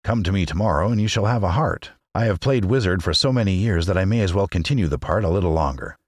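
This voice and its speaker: A man's voice: low-pitched, expressive, fast, husky, dry recording, clean studio sound. A man doing the meek little humbug wizard Oz. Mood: mild. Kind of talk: audiobook character reading.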